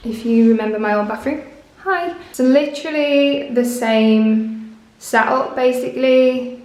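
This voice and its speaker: A young woman from London with a London accent, casually chatting and giggling while showing her empty new flat. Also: fairly high pitch, measured pace. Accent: London English. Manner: chatty and giggly, with filler words. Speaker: vlogger. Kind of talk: casual home tour vlog. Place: empty flat, echoey rooms. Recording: echoey empty room.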